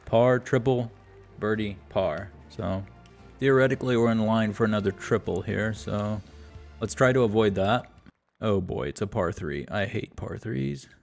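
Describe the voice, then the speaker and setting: A man's voice: fairly low pitch, measured pace, creaky, faint music behind. A man giving exasperated, self-deprecating play-by-play commentary while playing a golf video game. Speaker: gaming YouTuber.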